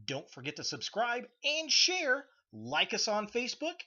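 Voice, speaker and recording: A man's voice: very high-pitched, huge pitch swings, unhurried, pushed and bright, muffled recording. A man in his thirties hosting a casual toy review, giving blunt, frank opinions with lots of ums, uhs and restarts. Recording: echoey room.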